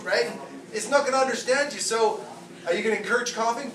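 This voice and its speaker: Joking first aid instructor, echoey room. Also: male voice, sits high, moderate pace, a bit bright, far from the mic, slight background noise. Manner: joking, blunt, acts out babies in silly voices. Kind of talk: live classroom instruction. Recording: echoey room recorded from afar.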